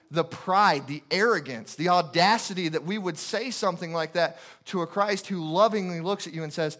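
A man's voice: high voice, moderate pace, hardly any pauses, a bit bright. A man preaching a sermon as a guest preacher in a church, impassioned and repetitive, firing off rhetorical questions.

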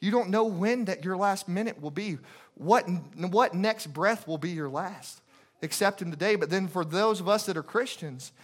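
A man's voice: high voice, moderate pace. A man preaching a sermon, telling a story with emphatic, repetitive urgency.

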